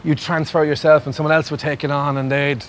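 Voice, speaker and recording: Wry Limerick Irish comic, fairly high voice. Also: male voice, flat delivery, fairly quick, a bit bright, a little hiss or hum. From Limerick, Ireland. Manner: rambling, wry storyteller, self-deprecating jokes. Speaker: stand-up comedian. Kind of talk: casual chat in an interview.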